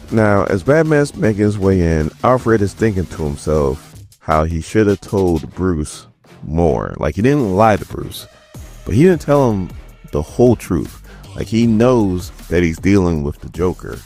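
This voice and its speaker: A man's voice: mid-range voice, a little mellow. A man casually recapping a comic book, loose and conversational with lots of hedging. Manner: loose and conversational, hedges often.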